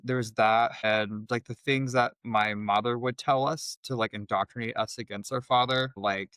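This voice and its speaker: A man with a fairly low voice tells a personal story as a guest. He talks in a halting, reflective way and often restarts his sentences. The sound is close and dry, with no room around it. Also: steady tone, a bit bright, dry recording, low-quality recording. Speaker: podcast guest.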